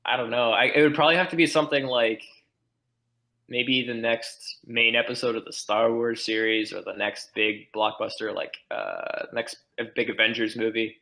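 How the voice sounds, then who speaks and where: Podcast guest, male, bright and forceful tone, rambly and filler-heavy. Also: mid-range voice, fairly even intonation, normal speed, gravelly, rough recording. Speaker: podcast guest, team blogger. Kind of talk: casual podcast chat.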